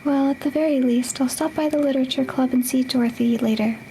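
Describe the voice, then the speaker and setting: A polite young witch with a high, soft voice and a dark, mellow tone, as a woman acts her out while reading game dialogue. She speaks gently and courteously, often dropping near a whisper. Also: steady tone, fast talker, a little hiss or hum, rough recording. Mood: gentle.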